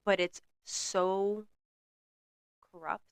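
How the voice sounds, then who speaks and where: A woman's voice: mid-range voice, fairly even intonation, very slow, creaky, smooth, dry recording. A woman co-hosting a book podcast, chatting animatedly and telling stories in a casual way. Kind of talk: casual chat.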